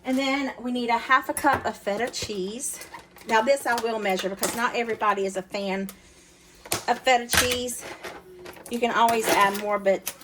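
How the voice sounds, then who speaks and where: Dishes and utensils clatter in the noisy background as a woman runs a casual home cooking demo for her channel. Her voice is a little high, her pace moderate, and she addresses viewers directly in a chatty, folksy tone.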